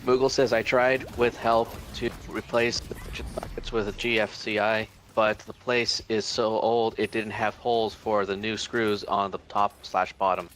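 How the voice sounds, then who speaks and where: Low, flat-voiced man reading chat. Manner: hesitant, halting, reads chat messages aloud. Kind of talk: casual chat during a live game stream.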